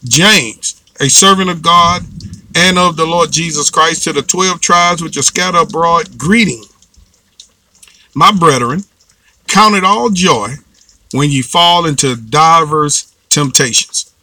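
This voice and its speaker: A man's voice: a little high, slow pace, sharp tone. A man preaching a fervent sermon, urging the congregation with repeated calls and responses. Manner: fervent, repetitive exhortation with call-and-response.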